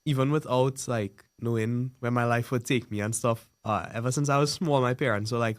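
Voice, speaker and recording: A young man from Trinidad chatting casually on a student podcast, telling stories in a relaxed way. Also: mid-range voice, fairly quick, few pauses, no echo, studio quality. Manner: relaxed, storytelling, mimics relatives. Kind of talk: casual chat.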